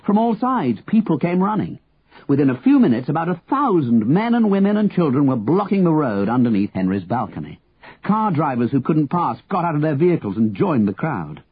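A man reading a story aloud with expressive, lively storytelling. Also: medium pitch, husky, dry recording, phone-quality sound. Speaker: narrator.

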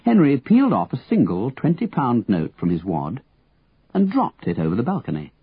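A man reading a story aloud with expressive, lively storytelling. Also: mid-range voice, moderate pace, husky, dry recording, phone-quality sound. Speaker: narrator.

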